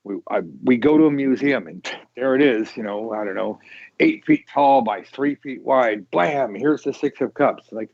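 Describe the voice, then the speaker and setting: A man hosting a casual tarot talk show, rambling and animated, with many restarts. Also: medium pitch, moderate pace, vocal fry, dry recording, dull audio. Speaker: tarot podcast host. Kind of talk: casual chat.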